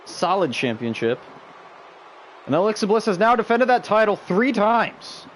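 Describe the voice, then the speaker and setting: A man calls video game wrestling matches in a loose, casual stream commentary. His voice sits a little high, and he gets excitable, shouting out the big moves before drifting into chat with viewers. A faint hiss runs underneath. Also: moderate pace. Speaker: stream host and play-by-play commentator.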